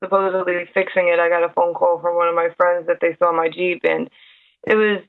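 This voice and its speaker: A woman's voice: fairly low pitch, little pitch movement, brisk, vocal fry, dry recording. A woman with a New York accent, a friendly guest talking casually over a video call. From Hudson Valley, New York. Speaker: interview guest. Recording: tinny internet call audio.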